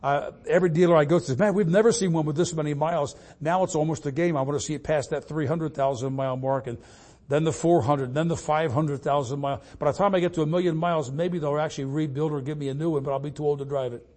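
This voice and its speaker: An older man preaching a sermon, reading scripture fervently and loudly, then telling personal stories more quietly. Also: fairly high pitch, fairly even intonation, fast talker. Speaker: traveling preacher.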